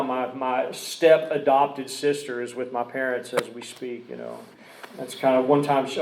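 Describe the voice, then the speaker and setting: A man's voice: medium pitch, a little mellow, echoey room, rough recording. A man telling his personal recovery story in a rambling way, full of restarts and asides. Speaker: recovery speaker.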